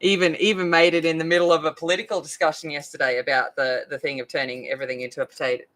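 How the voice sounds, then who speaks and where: A woman's voice: low voice, fairly even intonation, racing, a bit bright, rough recording. An Australian woman chatting casually as she colors on her coloring video, rambling with lots of fillers. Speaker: adult coloring video host. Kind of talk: casual chat while coloring.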